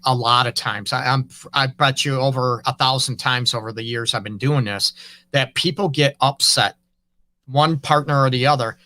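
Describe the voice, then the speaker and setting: Bright, forceful male counselor host. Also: mid-range voice, normal speed, no echo. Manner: earnest, frank, speaks in loose run-on phrases. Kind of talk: conversational interview.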